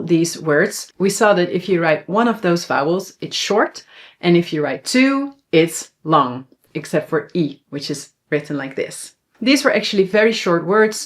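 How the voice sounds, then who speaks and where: A young Dutch woman with a Dutch accent teaching pronunciation, modeling sounds slowly and asking the viewer to repeat after her. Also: lowish voice. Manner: slow, clear pronunciation drills, asks viewer to repeat. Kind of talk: online language lesson.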